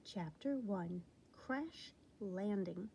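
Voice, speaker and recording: A woman reading a children's storybook aloud with expressive delivery. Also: mid-range voice, very slow, vocal fry, a little hiss or hum, rough recording. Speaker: storybook reader.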